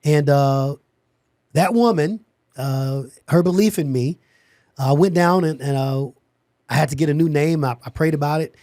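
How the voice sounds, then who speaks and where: A security company owner, a guest on a podcast, tells his own story in conversation with a somewhat high voice at a normal speed. He emphasizes things animatedly, repeats words, restarts sentences and laughs along the way. The recording is dry and close with no echo.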